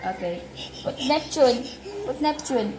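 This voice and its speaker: A woman's voice: a little high, animated, a little slow, a crowd in the background. A young Filipino mother vlogging at home, soothing and coaxing her child as she chats. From Philippines. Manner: soothing, coaxing a child, switching Tagalog and English. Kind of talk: casual home vlog. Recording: background music over voice.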